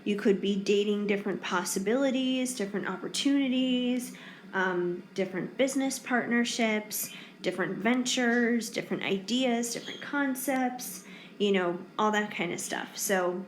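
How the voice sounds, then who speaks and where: A woman's voice: medium pitch, moderate pace, a little hiss or hum. A woman giving a casual pick-a-card tarot reading, chatty and reassuring with lots of fillers, sounding tired late in the day. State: tired, yawning. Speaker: tarot reader. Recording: echoey room with faint ambience.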